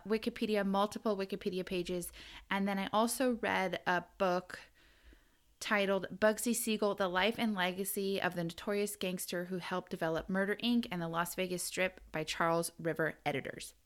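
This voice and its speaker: A woman's voice: mid-range voice, clear, resonant tone. A woman co-hosting a casual podcast, chatty and self-deprecating, laughing often as she walks through her research. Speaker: podcast co-host presenting the episode research.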